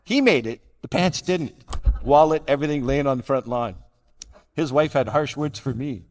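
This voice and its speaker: An older man tells his own story at a recovery gathering, plain-spoken and laughing at himself. His voice sits at an everyday middle pitch. It rings with the long reverb of a big convention hall. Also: expressive, moderate pace. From Canada. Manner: blunt, wry self-mocking humor. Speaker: recovery meeting speaker. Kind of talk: personal recovery talk. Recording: hall reverb from a live talk.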